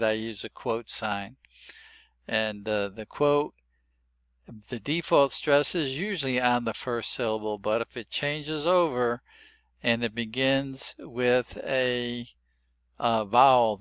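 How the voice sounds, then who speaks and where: A man's voice: mid-range voice, fairly bright tone, clear, resonant tone, dry recording. An older man explaining a spelling system in a loose, rambling tutorial with frequent restarts. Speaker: phonetics teacher. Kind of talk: unscripted tutorial.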